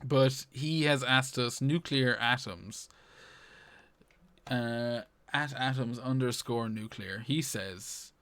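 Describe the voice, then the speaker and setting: A man's voice: medium pitch, slow pace, a bit bright, clean tone, no room sound. A man hosting a podcast, teasing his co-host and swearing freely in casual banter.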